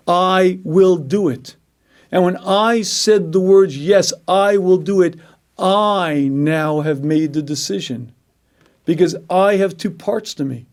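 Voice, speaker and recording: A man, a rabbi teaching a Torah class, who speaks earnestly, repeats key phrases for emphasis and keeps clearing his throat. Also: high-pitched, a little mellow.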